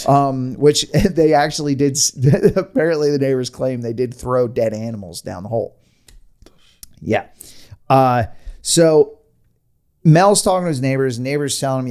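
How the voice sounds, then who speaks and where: A podcast host tells a creepy tale in a loose, casual storytelling chat, his voice at an ordinary middle pitch with a darkish tone. He moves at a measured pace with frequent pauses, laughs a lot, and drifts into rambling asides.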